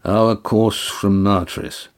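A man voicing a steady, measured skipper. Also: fairly low pitch. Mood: explaining. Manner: measured, instructive. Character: steady older male boat owner, matter-of-fact. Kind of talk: audiobook character voice.

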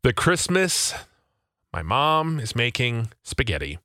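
Male radio co-host, jokey banter, bright lively voice, dry sound. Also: medium pitch, no room sound. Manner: jokey, quick to laugh. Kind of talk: morning radio banter reading listener messages.

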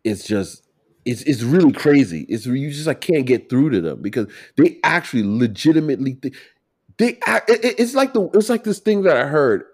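Animated man, lively swooping pitch. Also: normal speed, husky, no echo, clean studio sound. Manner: animated, emphatic, swings from loud to quiet. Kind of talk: casual chat.

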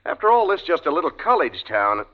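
A man's voice: a little high, big pitch swings, a little fast. An actor in a 1940s radio play playing a wry young man who teases and schemes. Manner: wry, teasing. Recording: dull old radio broadcast.

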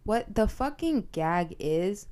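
A woman in her twenties hosting a podcast, talking in a blunt, profane and animated casual monologue. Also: mid-range voice, takes it slowly. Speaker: podcast host.

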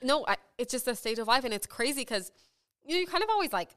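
A woman in her thirties co-hosts a relaxed chat podcast and talks quickly. Her voice is smooth and clear, and she keeps chiming in with short affirmations. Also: sits high. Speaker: podcast co-host. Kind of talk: casual chat.

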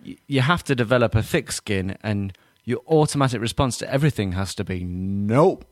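A man's voice: medium pitch, expressive, a little fast, no echo, studio quality. A man hosting a podcast in casual chat, joking, laughing often and acting out quoted voices. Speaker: podcast host.

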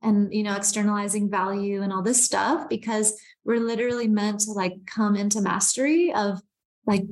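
A woman's voice: medium pitch, moderate pace. A woman, a podcast guest, talking candidly in casual conversation, with lots of "like" fillers. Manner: candid, animated, frequent "like" fillers.

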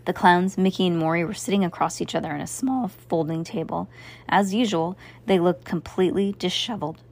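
A woman's voice: on the low side, fairly quick, a little mellow. A woman narrating a storybook, often stumbling and restarting her phrases. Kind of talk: storybook reading.

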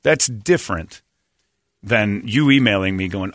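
A man's voice: fairly low pitch, lively intonation, normal speed, sharp tone, no room sound, clean studio sound. A middle-aged man hosting a radio show, talking in a blunt, sarcastic, rambling way. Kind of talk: casual talk radio banter.

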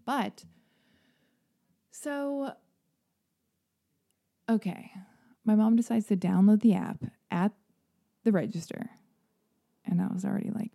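Rambling, mellow-voiced woman podcast host. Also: normal speed, long pauses. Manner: rambling, self-deprecating storyteller; jumps into high, animated voices when quoting people. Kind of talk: casual solo podcast monologue.

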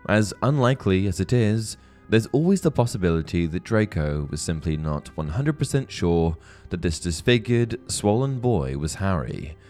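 Low-voiced man narrating a theory video. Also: lively intonation, darkish tone, soft background music. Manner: measured, explanatory. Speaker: host of a fan theory channel. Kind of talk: scripted narration and book reading.

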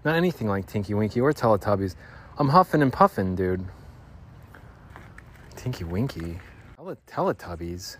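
A man's voice: lowish voice, very animated, normal speed, long pauses, slight background noise. A middle-aged man hosting a podcast in a rambling, casual monologue, full of slang and repeated filler words. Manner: rambling, slangy, keeps saying dude. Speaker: podcast host.

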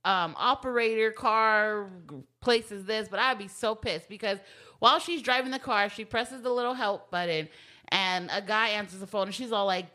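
A woman's voice: mid-range voice, normal speed. A woman co-hosting a podcast, casually recapping a film with lots of swearing and laughter. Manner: swears freely, laughs often, animated retelling. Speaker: podcast co-host. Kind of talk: casual movie recap chat.

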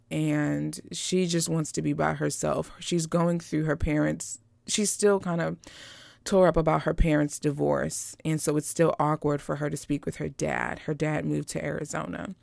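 A woman host giving casual, animated commentary on holiday movies, joking and slangy. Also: low voice, vocal fry, no echo.

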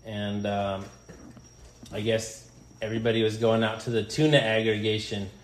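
A man, a deckhand and podcast host, telling a fishing story in relaxed, rambling chat with many fillers. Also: on the low side, moderate pace. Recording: echoey room.

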